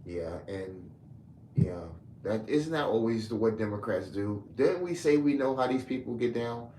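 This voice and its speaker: A man's voice: medium pitch, expressive, moderate pace, warm tone, slight background noise. A man from Brooklyn, delivering a combative, heated rant back at his commenters. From Brooklyn, New York. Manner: confrontational, heated, repetitive. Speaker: online commentator. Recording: echoey room with faint ambience.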